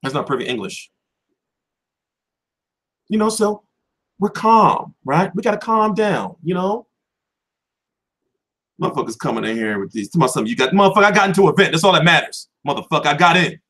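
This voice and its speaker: A man's voice: fairly high pitch, expressive, brisk, pauses often, fairly bright tone. A young man hosting a boxing channel, answering viewers in a heated, profane livestream chat.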